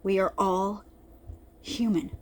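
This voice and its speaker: A woman talking casually about the Bible to her viewers, animated and chatty, often repeating herself and calling the audience y'all. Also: medium pitch, slow pace. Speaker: faith vlogger. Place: lives in an RV.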